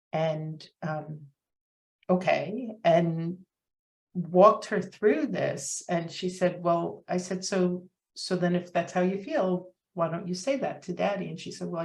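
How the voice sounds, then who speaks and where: Low-voiced woman coach, candid guest. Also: creaky. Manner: earnest, reflective, many fillers. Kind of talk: candid interview storytelling.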